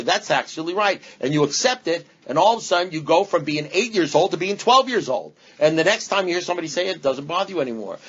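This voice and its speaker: A man's voice: a little high, husky. A man speaking at a recovery meeting, rambling and blunt, with punchy repetition and sarcastic asides. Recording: dull lo-fi meeting recording.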